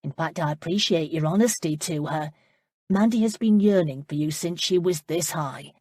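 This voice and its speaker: A woman's voice: deep voice, moderate pace, a little mellow, slightly rough, no room sound, studio quality. A woman voicing a plain-spoken, motherly older village housekeeper. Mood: frank. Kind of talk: audiobook character voice.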